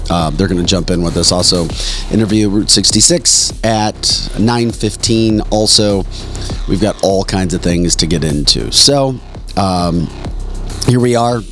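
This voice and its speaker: A man's voice: on the low side, a bit bright. A man hosting a live political talk podcast, ranting bluntly and heatedly with frequent fillers. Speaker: podcast host.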